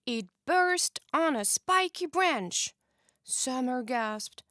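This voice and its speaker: A woman teacher reading a children's storybook aloud in an expressive, animated way. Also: on the high side, slow, dry recording, studio quality.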